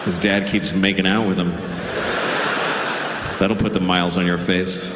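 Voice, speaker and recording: A man in his forties doing a crude, deadpan stand-up comedy set. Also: deep voice, moderate pace. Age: 40s. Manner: deadpan, crude, jumps into character voices. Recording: live hall with long reverb and background noise.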